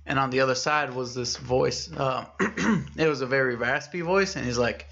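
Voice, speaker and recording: Male co-host, mid-pitched voice, easygoing and quick to laugh, dull lo-fi recording. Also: vocal fry, fairly bright tone. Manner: laughs often, reacts with drawn-out "oh"s. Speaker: podcast co-host. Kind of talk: casual chat, storytelling. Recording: dull lo-fi podcast audio.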